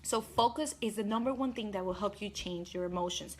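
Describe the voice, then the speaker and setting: Energetic woman coaching viewers live. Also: mid-range voice, fairly quick, slight background noise. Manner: energetic, chatty, addresses viewers directly. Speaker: life coach. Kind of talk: live-streamed motivational talk.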